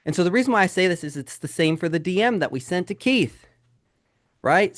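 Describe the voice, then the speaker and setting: A real estate sales trainer with a high, slightly bright voice and lively intonation talks fairly quickly through a live sales webinar. He addresses the audience directly as "guys" and fires rhetorical questions at them, in clean studio sound with no echo.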